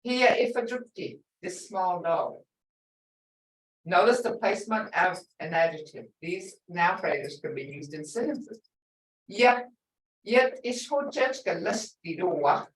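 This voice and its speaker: A woman's voice: fairly low pitch, expressive, unhurried, slight background noise. An older woman teaching a language lesson, stretching out example words for emphasis. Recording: echoey room, voice far from mic.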